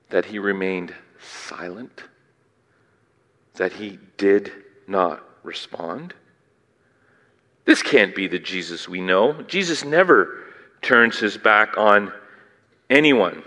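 Animated preacher in a reverberant hall. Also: male voice, on the high side. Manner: animated, theatrical, swings from loud to hushed; asks the listeners questions. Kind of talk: sermon.

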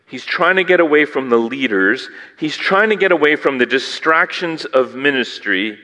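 Animated preacher in a reverberant hall. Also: male voice, on the high side, moderate pace. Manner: animated, theatrical, swings from loud to hushed; asks the listeners questions. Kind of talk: sermon.

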